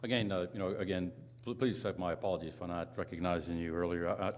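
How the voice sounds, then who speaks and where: A man's voice: low-pitched, steady tone, fast talker, a little hiss or hum. A man moderating a conference session, introducing speakers in a fumbling, apologetic and self-deprecating way.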